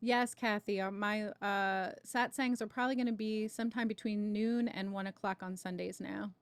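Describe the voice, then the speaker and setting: A woman's voice: medium pitch, steady tone, normal speed, smooth, no room sound. A woman hosting a spiritual livestream, talking casually about creativity and greeting viewers by name before a tarot reading. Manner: chatty, greets viewers warmly by name, many "right?" asides.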